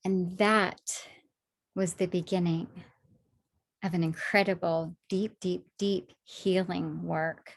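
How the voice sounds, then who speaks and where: A woman sharing her personal faith testimony in conversation, animated when acting out past moments, soft and low when reflecting. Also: slow pace, vocal fry. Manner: animated storytelling, acts out her own past words.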